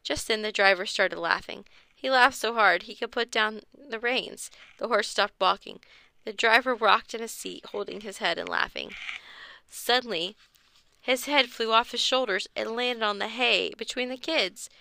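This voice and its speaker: A woman's voice: a little high, lively intonation, moderate pace, gravelly, bright, forceful tone, no echo. A woman reading a children's chapter book aloud with expression, raising her voice for the kids' lines. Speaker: storyteller.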